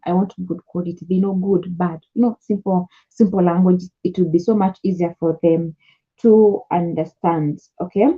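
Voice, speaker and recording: A young Kenyan woman talks through business tips in a casual, repetitive coaching style, moving between English and Swahili. Her voice is a little husky. The recording sounds dull and lo-fi. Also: lowish voice, mellow. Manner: chatty, repeats key points, mixes English with Swahili. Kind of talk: casual advice talk to camera.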